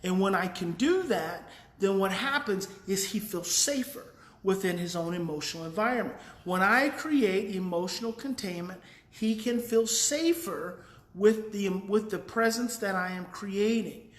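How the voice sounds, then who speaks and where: A man's voice: sits high, unhurried, fairly bright tone, roomy sound. A man hosting a daily live parenting talk, explaining earnestly in a casual way and thinking aloud with restarts while reading viewer comments.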